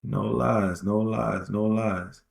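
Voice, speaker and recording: A man's voice: lowish voice, steady tone, takes it slowly, vocal fry. A man hosting a podcast, giving casual relationship advice in a rambling, slangy way and repeating phrases for emphasis. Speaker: podcast host.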